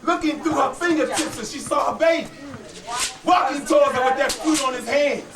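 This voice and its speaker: A man's voice: very high voice, brisk, loud music behind the voice. A man telling a folk tale live to an audience, dramatic and rhythmic, drawing call-and-response from his listeners. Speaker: storyteller. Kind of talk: live oral storytelling to an audience. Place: live performance venue. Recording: echoey room, voice from far off.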